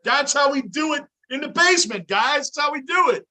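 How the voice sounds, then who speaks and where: A man's voice: very high voice, animated, brisk, sharp tone. A man hosting a live sports reaction stream from his home basement, ranting intensely as a frustrated fan. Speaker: livestream host.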